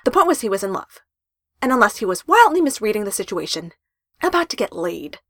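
A woman reading a story aloud in an expressive narration style with emphatic rises. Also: medium pitch, a little fast, no echo, studio quality.

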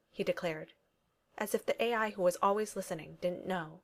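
A woman narrating a fan fiction story as an audiobook, in a steady, even reading voice. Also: on the low side, moderate pace.

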